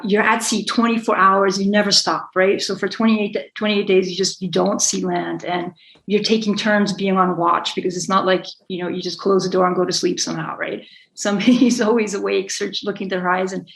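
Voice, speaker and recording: A woman's voice: medium pitch, level tone, a little fast, creaky, fairly bright tone, low-quality recording. A middle-aged woman being interviewed, talking at length in a rambling, self-correcting way with frequent small laughs. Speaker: guest, sailor and author. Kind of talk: conversational interview.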